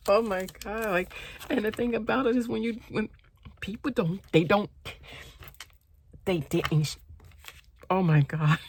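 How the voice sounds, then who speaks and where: A woman with a slightly low, gravelly voice tells a personal story to camera, plainly shaken. She talks slowly and emotionally, stopping, restarting and repeating herself as she goes. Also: slight background noise. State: upset and shaken. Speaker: mother telling a personal story. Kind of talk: casual personal vlog.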